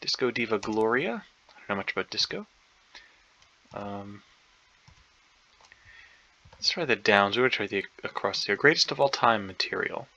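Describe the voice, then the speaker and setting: A man with a sharp, gravelly voice thinks aloud through a crossword puzzle. He talks in hesitant, half-sure bursts, stacking ums and second guesses. The recording is dull and lo-fi. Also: fairly low pitch, lively intonation, moderate pace, pauses often. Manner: hesitant, unsure, many ums and self-doubts. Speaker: crossword solver.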